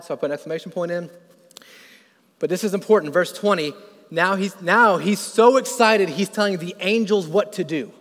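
Fervent preacher in a reverberant hall. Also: male voice, high-pitched. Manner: builds from quiet to loud and fervent; asks the congregation questions. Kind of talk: sermon.

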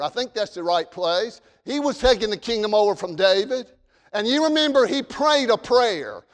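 A man's voice: sits high, a bit bright. A male pastor preaching a sermon to his congregation, with emphatic delivery that swells and drops in volume. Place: church sanctuary. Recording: long hall reverb.

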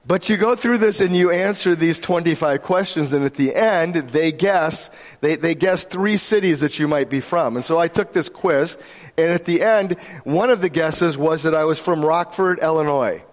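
A man from Michigan delivers a sermon with a slightly high voice, chatty and playful, tossing questions out to the congregation. His voice rings with the long reverb of a large church hall. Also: moderate pace. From Michigan, USA. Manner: conversational, jokey, asks the audience questions. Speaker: pastor.

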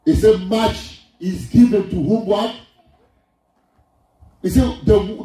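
A man preaches with a high, mellow voice, driving points home by repeating them in a rising, sing-song cadence. He sounds distant from the microphone in a very echoey hall. Faint music plays behind him. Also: a little slow, long pauses. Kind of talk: sermon.

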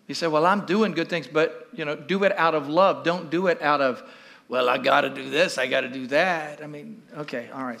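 A man preaching in church with a high, bright voice. He is animated and keeps repeating questions to the congregation. The delivery is a full live sermon. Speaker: pastor.

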